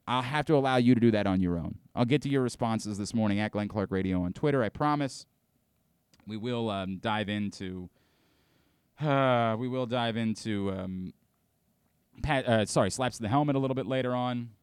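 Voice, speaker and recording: A man's voice: mid-range voice, moderate pace, clear, resonant tone, dry recording. A man hosting a sports talk radio show, ranting with exasperation and frequent restarts.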